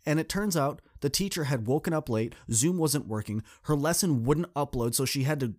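A man's voice: expressive, normal speed, a little mellow. A man, a student coach and podcast host, tells a story in an earnest, direct way and speaks straight to his listeners. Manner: acts out quoted people with shifts in pitch. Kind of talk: casual podcast monologue telling a story.

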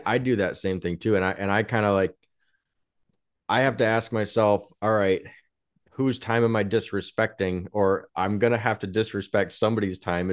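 A man's voice: on the low side, dry recording, studio quality. A man hosting a podcast, chatting casually and laughing often with his guest. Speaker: podcast host. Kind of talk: casual interview chat.

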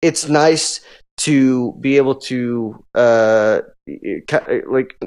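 Male podcast co-host, mid-pitched, blunt banter, swears freely. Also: very slow, a little mellow, smooth. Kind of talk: casual podcast chat.

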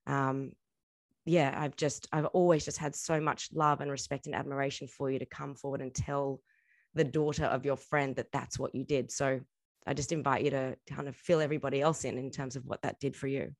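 A woman's voice: very deep voice, steady tone, fairly quick, vocal fry, no room sound. A woman hosting an interview, speaking in an earnest, reflective way with long winding sentences. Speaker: interview host. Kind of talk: heartfelt conversational interview.

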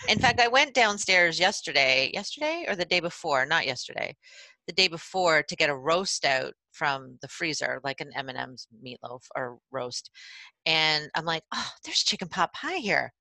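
Low-voiced woman, joking podcast co-host. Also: lively intonation, moderate pace, pushed and bright, no room sound, rough recording. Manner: joking, swears casually. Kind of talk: casual chat.

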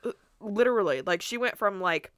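A young adult woman, podcast co-host, chatting casually and excitedly, swearing and acting out scenes. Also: medium pitch, brisk, clear, resonant tone, no echo, studio quality. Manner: excitable, swears freely, acts out quotes. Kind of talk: casual chat.

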